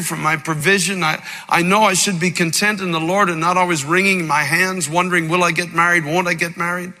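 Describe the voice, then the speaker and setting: A man preaching a sermon, impassioned, slowing and rising as he quotes scripture. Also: sits high, pushed and bright. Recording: long hall reverb.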